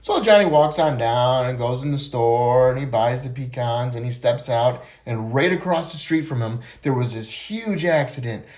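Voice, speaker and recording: A man's voice: mid-range voice, normal speed, hardly any pauses, a little mellow. A man casually telling dirty jokes, laughing at his own punchlines. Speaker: joke teller.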